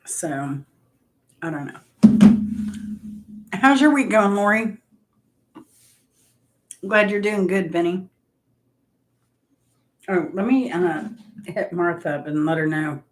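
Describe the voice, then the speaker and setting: Slow-talking chatty woman. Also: fairly low pitch, lively intonation. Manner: chatty and rambling, talks to viewers by name. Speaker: livestream host chatting with viewers. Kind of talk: casual livestream chat.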